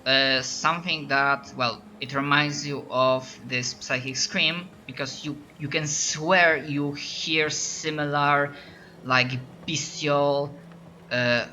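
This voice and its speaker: A man with English as a second language, running a tabletop game, pausing often with fillers. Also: medium pitch, sharp tone, a little hiss or hum. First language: non-native English speaker. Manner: slow, hesitant, many fillers. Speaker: game master.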